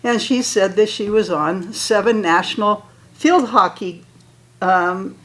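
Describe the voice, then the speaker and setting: An older woman telling a story to an audience in a casual, animated way, laughing and acting out both sides of old conversations. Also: mid-range voice, takes it slowly, rough recording. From Utah.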